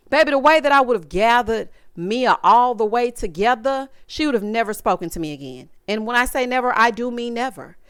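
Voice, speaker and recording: A woman with a high voice that swoops all over gives a sassy, dramatic recap of a reality show. Her voice is smooth and clear, close on a dry mic with no room sound. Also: expressive, fairly bright tone, dry recording. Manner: sassy, dramatic, quick to mimic people. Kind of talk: casual recap commentary.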